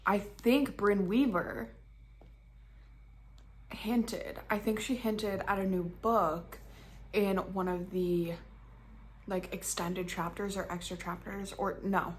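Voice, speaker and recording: A woman's voice: mid-range voice, steady tone, slow, long pauses, slight background noise. A young woman chatting casually about books in a reading vlog, rambling and full of "like" fillers. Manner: chatty, rambling, heavy use of "like". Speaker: book vlogger.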